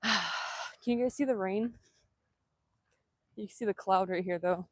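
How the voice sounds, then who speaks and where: A woman vlogger chatting excitedly on a live stream outdoors, laughing often and filming on a handheld phone. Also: medium pitch, a little slow, no echo, studio quality. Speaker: vanlife vlogger. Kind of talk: casual live-stream chat. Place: outdoors in Hawaii.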